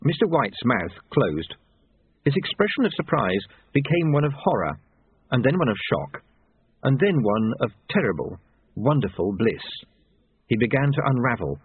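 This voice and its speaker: A man narrating an audiobook with expressive storytelling. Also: medium pitch, moderate pace, slightly rough, dry recording. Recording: tinny phone-like band, dry.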